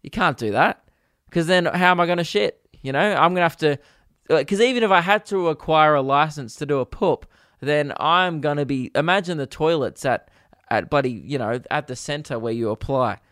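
Australian male podcast host, crude comic rambler, fairly high pitch, smooth dry sound. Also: moderate pace, no echo. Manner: rambling, crude, jokey with sudden loud put-on voices. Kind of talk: comedic solo podcast rant.

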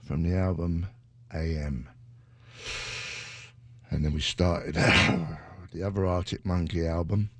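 A man's voice: steady tone, slow, pauses often, dry recording. A man, chatting casually as a radio DJ between songs, rambling and joking. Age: 60s. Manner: rambling, joking, drops into a sudden high shouting bit. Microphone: studio microphone.

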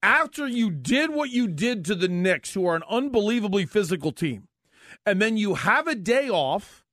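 Animated high-voiced sports radio co-host. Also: male voice, normal speed, no echo, clean studio sound. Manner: animated, sarcastic, opinionated.

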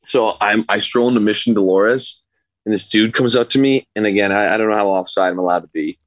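A man's voice: lowish voice, brisk, dry recording. A man guesting on a podcast, joining over a remote call and telling a laid-back, rambling story with frequent chuckles. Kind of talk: casual storytelling chat.

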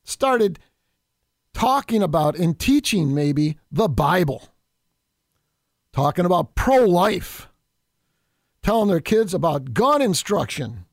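Indignant high-voiced man commentating. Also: dry recording, clean studio sound. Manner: indignant, emphatic, addresses listeners as folks. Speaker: political radio commentator. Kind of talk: opinion monologue.

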